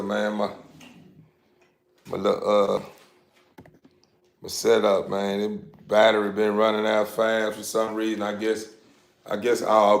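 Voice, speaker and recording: A man's voice: fairly low pitch, gravelly, echoey room. A man chatting casually on a livestream to his viewers, rambling and repeating himself, laughing often, speaking into a phone. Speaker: dog breeder livestreaming.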